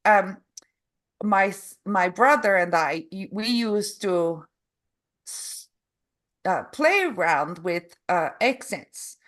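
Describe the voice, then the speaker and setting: A woman interviewing in casual talk, with aphasia, halting and searching for her words. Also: mid-range voice, expressive, fairly bright tone. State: has aphasia. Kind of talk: casual conversation.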